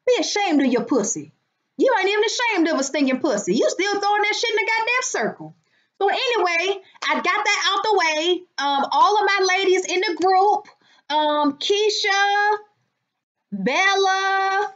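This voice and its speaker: Loud-mouthed woman on a phone live stream, high voice, cussing, shouting out her viewers, muffled lo-fi audio. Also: expressive, normal speed. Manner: brash, profane, greets viewers by name. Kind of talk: casual live-stream chat.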